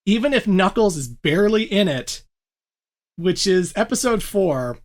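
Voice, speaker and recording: Woman co-host, casual chat, lively and animated, laughs through her retellings. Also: medium pitch, unhurried. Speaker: podcast co-host.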